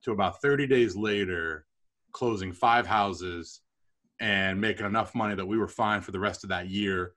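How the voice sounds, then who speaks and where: A middle-aged man telling stories about his career as a podcast guest, chatty and animated with self-deprecating humor. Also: fairly low pitch, moderate pace. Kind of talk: storytelling interview.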